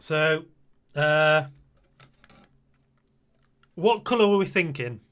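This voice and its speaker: A man's voice: a little high, very slow, a bit bright. A British man in his forties, chatting casually and a bit flustered while live streaming. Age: 40s. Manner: chatty and flustered, laughing often.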